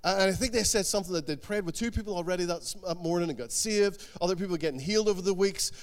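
A man preaching a sermon, animated, voicing the people in the stories he tells. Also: high-pitched, very fast. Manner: animated, acts out the quotes he tells. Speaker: pastor.

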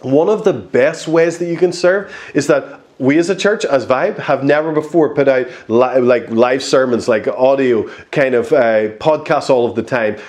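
A young man pastor delivering a sermon in an easy, conversational voice. He preaches with animation, slipping into playful acted-out quotes, and his voice sits at an ordinary middle pitch. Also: normal speed, a little mellow.

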